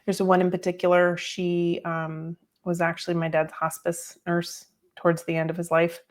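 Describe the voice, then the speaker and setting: A middle-aged woman hosting a podcast, telling a personal story in a reflective, unhurried way with many fillers. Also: on the low side, completely flat delivery, a little mellow. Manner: reflective, tearful at times, with fillers. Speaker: podcast host.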